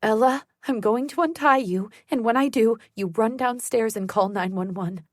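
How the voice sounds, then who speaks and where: A woman's voice: on the high side, normal speed, no room sound, studio quality, lightly acted. A woman doing a fierce protective mother. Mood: firm. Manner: firm and commanding.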